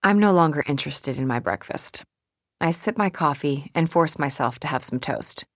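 Low-voiced woman narrating fiction. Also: expressive, moderate pace, no echo. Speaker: audiobook narrator. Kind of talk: first-person fiction narration.

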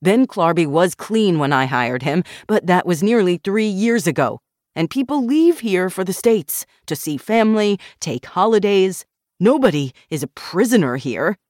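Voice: mid-range voice, normal speed, dry recording, clean studio sound, lightly acted. A narrator voicing a young man who speaks firmly and emphatically in an audiobook. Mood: defensive. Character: young man, defensive and firm. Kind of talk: audiobook character voice.

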